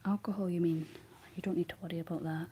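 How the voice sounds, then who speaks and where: A young Scottish woman whispering soft ASMR chat, rambling gently to her viewers while she paints, close on the mic. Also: on the low side, fairly even intonation, fast, a little hiss or hum. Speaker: ASMR livestream host.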